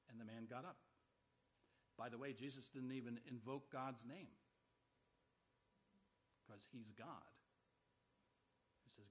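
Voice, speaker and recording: A man pastor preaching a sermon, with loud emphatic bursts and dry humorous asides. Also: medium pitch, unhurried, pauses often, muffled recording.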